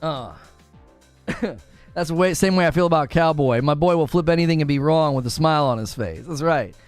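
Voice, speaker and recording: A man's voice: on the high side, a little fast, no echo, soft background music. A young man from Northern Ohio, a gaming streamer, chatting casually with his live chat, teasing viewers and laughing often.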